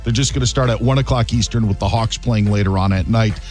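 A man delivering a sports news update in a steady, matter-of-fact way. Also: fairly low pitch, quick pace, soft background music.

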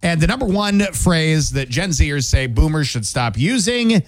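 A man's voice: fairly high pitch, sing-song, measured pace, a little hiss or hum. A man working as a radio DJ, chatting casually on air in a playful, joking way from a studio.

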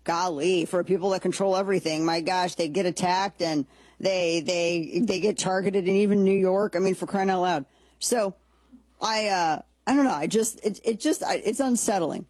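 A woman hosts a political talk show with a slightly husky voice, recorded dry and close to the mic. She talks in a sarcastic, blunt, joking way and often restarts her sentences as she thinks aloud. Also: on the low side, normal speed, darkish tone, no room sound. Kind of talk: opinionated political commentary.

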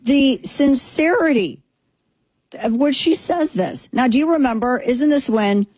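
A woman's voice: sits high, unhurried, a little mellow, no echo. A woman hosting a political talk show, delivering a sarcastic, indignant monologue. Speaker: political commentary host.

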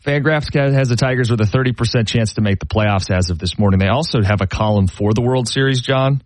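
A man hosting a sports radio show, chatting casually and reading listener texts aloud with lively emphasis. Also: medium pitch, fast talker, no echo.

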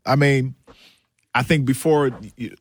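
Male host asking questions haltingly, casual and dry. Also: mid-range voice, steady tone, no echo. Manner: halting, restarts his questions. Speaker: interviewer.

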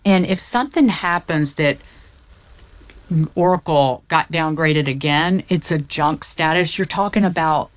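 Low-voiced, unhurried woman explaining economics. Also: no room sound. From Southern United States. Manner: fact-heavy, restarts mid-sentence. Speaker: economics commentator. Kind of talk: casual explanatory chat.

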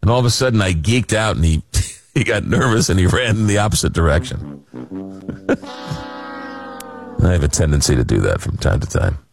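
A man's voice: low-pitched, lively intonation, moderate pace, vocal fry, pauses often. A man from hosting a late-night call-in radio show, telling rambling, self-deprecating stories in a casual chat. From Long Island, New York. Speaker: radio talk show host. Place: radio studio.

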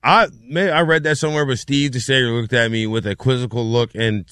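A man's voice: medium pitch, a little fast, clear, resonant tone, dry recording, studio quality. A man hosting a sports radio show, chatting casually and joking, sometimes slipping into a sung announcer voice. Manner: lively, joking, breaks into sung announcer bits.

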